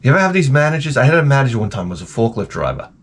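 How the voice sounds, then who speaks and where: A man rambling in a casual, profane rant full of dark jokes, as a gaming vlogger. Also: medium pitch, sing-song, very fast, a little hiss or hum. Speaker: retro gaming YouTuber.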